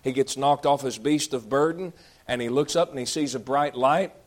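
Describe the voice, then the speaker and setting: A man's voice: medium pitch, moderate pace. Folksy man preaching through scripture. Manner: reads scripture aloud then explains it in folksy asides. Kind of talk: sermon.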